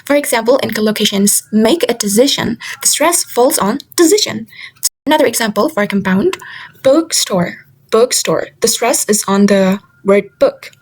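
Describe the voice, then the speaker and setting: A young woman whose first language is Indonesian gives a class presentation, carefully repeating example words slowly. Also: on the high side, lively intonation, slightly rough, low-quality recording. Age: young adult. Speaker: student presenter. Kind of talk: class presentation on word stress.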